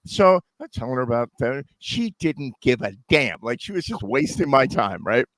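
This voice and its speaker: A man's voice: medium pitch, normal speed, dry recording. A middle-aged man telling a long story in casual chat, acting out the voices of people in it. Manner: animated storyteller, acts out others' voices.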